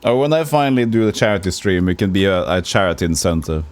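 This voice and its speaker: A man's voice: sits low, fast. A man casually commenting while streaming an old role-playing game, rambling and joking. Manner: rambling, joking, mimics characters.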